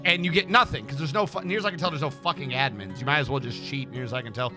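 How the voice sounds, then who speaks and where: A man's voice: medium pitch, rapid-fire, music in the background. A man streaming, chatting casually and rambling, swearing freely as he tells stories. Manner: rambling, swears freely, acts out dialogue in anecdotes.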